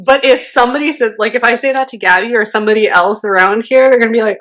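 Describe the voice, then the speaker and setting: A young woman from Southern California co-hosting a casual podcast, relaxed, with wry asides. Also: fairly high pitch, fast. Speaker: podcast co-host. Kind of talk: casual chat.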